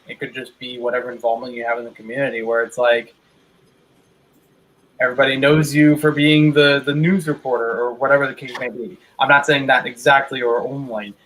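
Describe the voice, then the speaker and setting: A man's voice: medium pitch, a bit bright, rough recording. A man co-hosting a casual chat, thoughtful and hedging as he searches for the right words. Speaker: podcast co-host.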